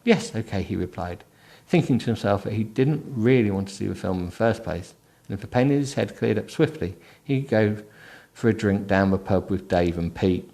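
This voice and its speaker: A tired man with a low voice reads a book aloud as a host, breaking off for sarcastic, mocking commentary. His tone is dry and sleepy. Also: normal speed, creaky, hardly any pauses, mellow. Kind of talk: comic book reading with running commentary.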